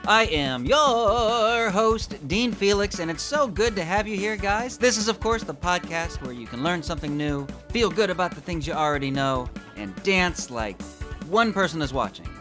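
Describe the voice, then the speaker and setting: A man's voice: high voice, expressive, normal speed, music in the background. A man hosting his own trivia podcast in a playful, theatrical manner, swinging from upbeat cheer to mock-sheepish asides. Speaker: podcast host. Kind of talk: solo comedic trivia podcast monologue.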